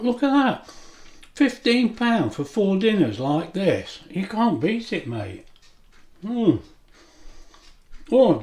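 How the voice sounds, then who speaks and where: In his home kitchen, a middle-aged food vlogger chats casually to camera in a homely, talkative way, laughing often. His mid-range voice has a darkish tone, and the sound is reverberant with slight background noise.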